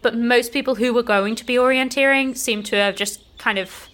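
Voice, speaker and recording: A woman running a tabletop role-playing game, describing the scene to players in a relaxed way, full of "like" fillers. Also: a little high, normal speed. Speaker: game master.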